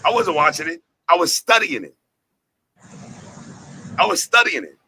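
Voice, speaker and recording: A man's voice: on the high side, very animated, moderate pace, pushed and bright, slightly rough, poor audio. A man hosting his company's talk show, preaching in a profane, fired-up way and hammering points home with repeated lines and rhetorical questions. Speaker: host, head of an entertainment company.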